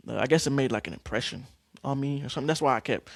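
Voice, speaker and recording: A young man hosting a podcast, casually telling stories about acting class, slangy and animated. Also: medium pitch, racing, creaky, no echo, clean studio sound. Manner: animated, acts out scene lines, slangy. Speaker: podcast host.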